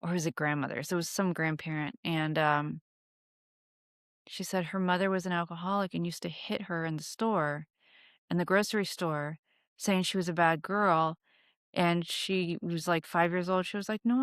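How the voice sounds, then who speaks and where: On her witchcraft podcast, a young woman gives a casual storytelling lesson, candid and full of swearing and fillers. Her lowish voice stays steady at a normal speed, captured cleanly in the studio without echo.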